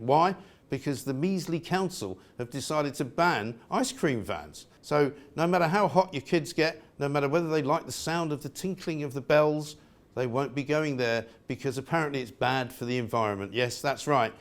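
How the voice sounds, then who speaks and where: A man's voice: mid-range voice, lively intonation, fairly quick. A middle-aged male presenter from England giving an outspoken, sarcastic opinion monologue.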